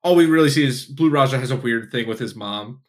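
A man's voice: medium pitch, fairly quick. Male co-host, laid-back recapper, mid-range voice. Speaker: podcast co-host. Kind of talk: casual chat.

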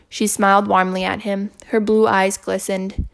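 A woman reads a children's chapter book aloud in calm, even narration. Her voice sits at a middle pitch with a steady gravelly fry. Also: normal speed. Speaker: audiobook reader. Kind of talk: reading a children's novel aloud.

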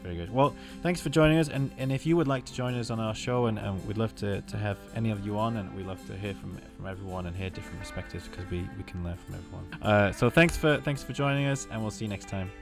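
A man hosting a casual chat over a video call, speaking haltingly and repeating words. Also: on the low side, creaky, faint music behind. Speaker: podcast host.

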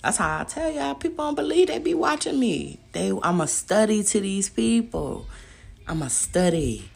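A woman hosting a podcast, talking in a casual, profane monologue that swings between loud emphatic outbursts and muttered asides. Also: medium pitch, sing-song, normal speed, creaky. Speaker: podcast host.

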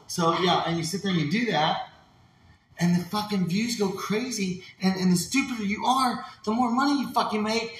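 A man on a casual talk show rants with heated, profane energy and acts out the voices of the people he mocks. His voice is bright and forceful and a little higher than most men's. The recording is very echoey, with faint noise behind him. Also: moderate pace.

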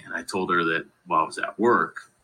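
A deep, brisk man's voice, bright and forceful with a breathy edge, on a rough recording. He's a podcast guest from Colorado, USA, telling family stories in a casual, rambling way, laughing through the funny ones and saying "you know" constantly in this relaxed interview-style storytelling.

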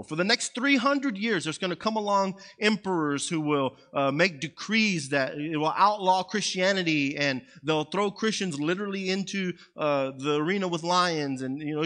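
A man's voice: high voice, a bit bright. Conversational man preaching. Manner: conversational, frequent "right?" and "okay?" check-ins. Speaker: pastor. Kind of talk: sermon.

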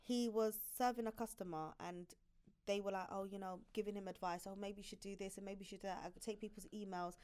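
A woman's voice: mid-range voice, fairly even intonation, fast talker, darkish tone, clear, resonant tone. A young woman in her twenties, a podcast guest chatting casually, telling stories with frequent laughs and acting out other people's lines. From United Kingdom.

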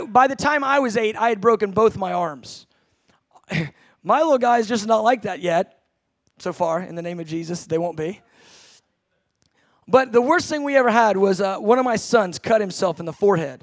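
A man in his thirties preaching a sermon, telling a family story with animated, acted-out quotes and laughs. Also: high-pitched, no room sound. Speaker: pastor.

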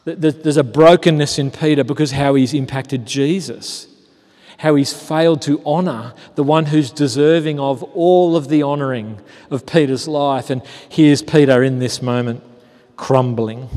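A man preaching a sermon, telling the story conversationally with rhetorical questions, sometimes animated and sometimes hushed. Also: medium pitch, unhurried. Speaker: pastor. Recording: long hall reverb.

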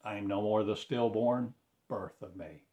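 A man delivering a rambling prophetic monologue in a slow, incantatory way, breaking into loud proclamations. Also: on the low side.

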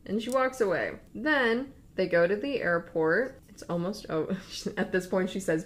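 A young woman casually retelling a true story to a friend, acting out the quoted lines in livelier, higher voices. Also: normal speed, hardly any pauses. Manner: lively, acts out quoted lines with raised pitch.

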